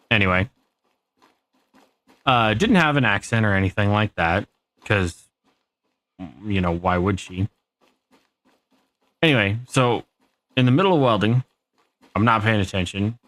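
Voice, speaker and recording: A man's voice: lowish voice, sharp tone, dry recording. A man live streaming a game, telling a rambling, profane story to his chat. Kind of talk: casual storytelling while gaming.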